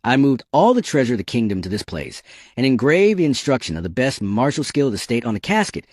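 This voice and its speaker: A man's voice: mid-range voice, very animated, fast talker, no echo, studio quality. A man voicing the ghost of a boastful boy-king, brash and petulant. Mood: proud.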